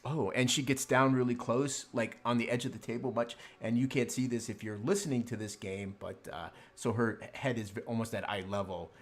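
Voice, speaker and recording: A man narrating a tabletop game as game master, halting often with fillers. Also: medium pitch, fairly even intonation.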